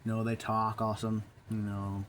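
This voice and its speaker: A man's voice: fairly low pitch, completely flat delivery, fairly bright tone, a little hiss or hum. A man casually recapping and reviewing a book. He rambles, stalls and restarts, and fills the gaps with "you know". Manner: rambling, halting, full of fillers and restarts.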